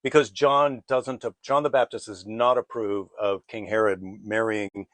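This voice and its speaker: A man's voice: lowish voice, steady tone, a little slow, fairly bright tone, dry recording. A man hosting a casual chat, retelling a Bible story in an irreverent, jokey way. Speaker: show host.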